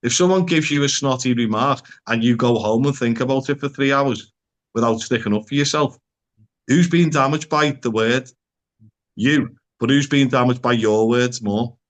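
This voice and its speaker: A man's voice: medium pitch, normal speed. A man speaking as a psychotherapist guest in a casual podcast conversation, talking frankly and bluntly, swearing freely and using local slang.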